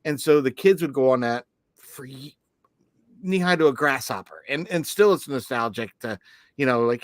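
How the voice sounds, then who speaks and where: A man's voice: mid-range voice, moderate pace, no room sound. Rambling man, dry close sound. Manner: rambling storyteller, many restarts. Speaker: podcast co-host. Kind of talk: casual chat.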